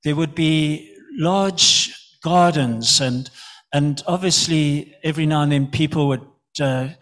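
A man's voice: on the high side, slow, a bit bright. A man from Zimbabwe, preaching an earnest sermon and often repeating words for emphasis.

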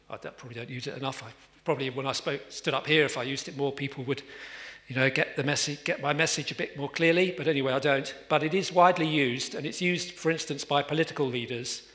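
A man's voice: mid-range voice, a bit bright, long reverb tail. A man preaching a sermon, conversational with fillers and restarts, emphatic when reading scripture aloud.

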